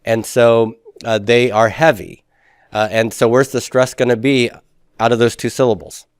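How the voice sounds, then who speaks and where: A man's voice: medium pitch, level tone, normal speed, clean tone, no echo, studio quality. A man teaching a Hebrew grammar class, patiently asking students questions and confirming their answers.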